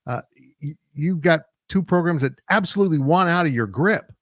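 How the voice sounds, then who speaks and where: A male sports analyst discussing college football in a measured, analytical way, with frequent "uh" fillers. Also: on the high side, lively intonation, dry recording, studio quality. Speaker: sports site publisher and analyst.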